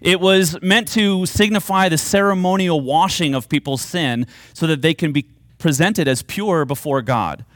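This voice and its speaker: A man preaching a sermon, earnest and emphatic, with dramatic pauses on key phrases. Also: a little high, fairly bright tone, no room sound, studio quality. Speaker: pastor.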